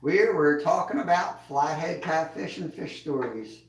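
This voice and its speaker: A relaxed man with a twang chats casually on his livestream, his fairly high voice sitting back from the mic. The sound bounces around an echoey room, and he chuckles as he answers his viewers. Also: a little slow, far from the mic, a little hiss or hum. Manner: laid-back, chuckles, reads chat aloud. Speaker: livestream host.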